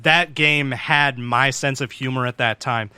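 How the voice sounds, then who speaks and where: A man's voice: mid-range voice, fairly even intonation, unhurried, pushed and bright, clear, resonant tone, no echo. A young man co-hosting a podcast, chatting eagerly about video games with lots of swearing. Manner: enthusiastic gamer talk, heavy swearing. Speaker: podcast co-host. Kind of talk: casual chat.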